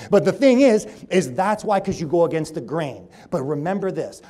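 A man speaking as a chiropractor at a live seminar, telling stories energetically, acting out the people in them and swinging between loud and hushed. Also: high voice. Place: room with an audience.

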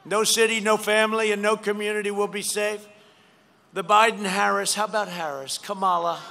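A man's voice: high-pitched, steady tone, a little fast, sharp tone. An older man giving an emphatic, rambling rally speech outdoors, repeating phrases. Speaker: political speaker at a rally. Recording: rally speech with faint crowd noise.

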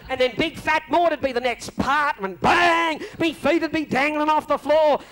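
An Australian man telling a long comic story on stage, lively and broad, slipping into mimicked voices. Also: very high voice, normal speed. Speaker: comedian telling stories on stage. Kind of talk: live stand-up storytelling. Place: club stage before a live audience. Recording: faint crowd ambience from a live venue.

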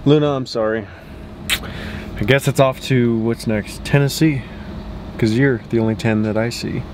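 Chatty guy over loud car noise. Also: medium pitch, steady tone, unhurried. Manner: chatty, loose, says "dude" and "bro". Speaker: vlogger. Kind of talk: casual vlog chat. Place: inside a car at night. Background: car and road noise.

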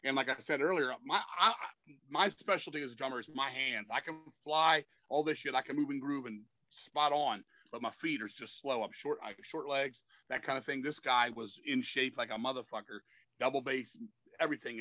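A man's voice: medium pitch, brisk, pushed and bright, no echo, rough recording. A man in his fifties, a metal frontman, telling stories in a rambling, profane way and ending lines with "man". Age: 50s. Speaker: metal band frontman, guest. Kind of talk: casual interview storytelling.

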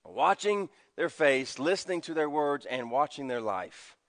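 A man preaching a sermon as pastor, swinging from loud emphasis to hushed low tones. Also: very animated, measured pace, big-room sound. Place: church sanctuary.

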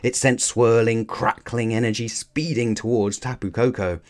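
A man narrating a children's storybook aloud in an expressive, measured way. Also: mid-range voice. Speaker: storybook reader.

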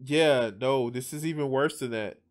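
A man's voice: medium pitch, normal speed. A man reacting to a video as a streamer, rambling and swearing with lots of restarts and jokes. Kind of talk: reaction commentary.

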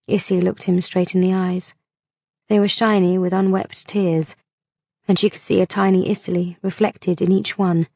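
A woman narrating an audiobook in a measured, unhurried reading voice on a close mic. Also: on the low side, flat delivery, warm tone, no room sound.

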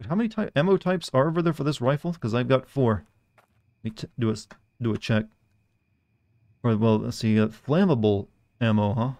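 A man's voice: medium pitch, a little fast, long pauses, darkish tone, no echo. Rambling, chatty male game streamer. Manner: rambling, chatty, reads in-game notes aloud. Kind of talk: casual game-stream chat.

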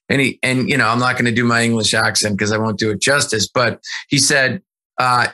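A man in a casual podcast interview, telling stories as a sales executive guest in an animated, conversational way. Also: mid-range voice, brisk.

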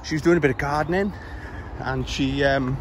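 A man's voice: medium pitch, steady tone, normal speed, noisy background. A Welsh man telling a rambling, exasperated story as he walks his dog, swearing now and then. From Wales. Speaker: vlogger. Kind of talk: casual storytelling while walking. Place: outdoors on suburban streets. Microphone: handheld camera while walking.

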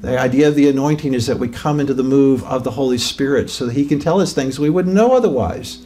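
A man's voice: medium pitch, fast, warm tone, slight background noise. A man preaching an informal teaching sermon, conversational, often rising to emphatic peaks and asking the room questions. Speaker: pastor.

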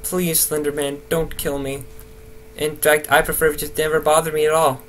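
Rambling, nervous young man, bright voice. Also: fairly high pitch, flat delivery, moderate pace, slight background noise. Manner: rambling, nervous, swears a lot, talks to himself. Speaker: gaming video host. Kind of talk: horror game commentary.

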